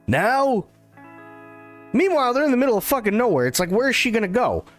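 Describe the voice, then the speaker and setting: An irreverent man on a live stream retells a film with lots of swearing and sarcasm. His voice sits fairly high and swings widely in pitch, with faint music underneath. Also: sing-song, racing.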